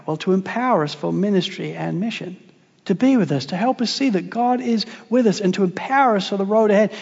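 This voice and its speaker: A male pastor preaching a passionate sermon, swinging between loud proclamation and hushed tenderness. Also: sits high, vocal fry, muffled recording. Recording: long reverb, hall.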